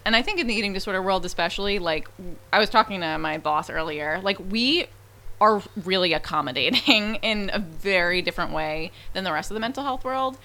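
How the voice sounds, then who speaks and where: A woman's voice: medium pitch, bright, forceful tone. A woman therapist, a guest on a podcast, talking in a chatty, casual way with many fillers. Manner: chatty, full of "like" and "you know".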